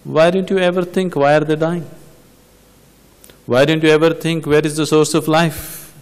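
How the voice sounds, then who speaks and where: A man's voice: fairly high pitch, flat delivery, normal speed, smooth. A man with an Indian accent giving a spiritual talk, asking probing rhetorical questions and telling stories. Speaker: spiritual teacher. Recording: long hall reverb.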